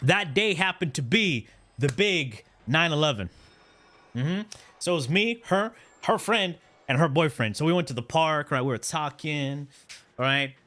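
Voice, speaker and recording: A man in his thirties spins a personal story for his stream chat in a loose, slangy voice, cursing freely and tossing in "right?" after nearly every point. His voice sits fairly high and rings very bright and forward. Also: measured pace. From Canada. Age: 30s. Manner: animated, slangy, profane, repeats "right?".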